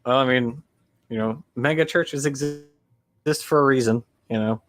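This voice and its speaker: A man's voice: mid-range voice, normal speed, a bit bright. A young man interviewing casually, laid-back, mostly giving short replies.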